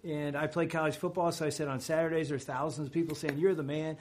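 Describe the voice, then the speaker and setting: A middle-aged man co-hosting a radio talk show, telling a story with animated quotes. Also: fairly high pitch, quick pace, a little hiss or hum. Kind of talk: casual storytelling chat.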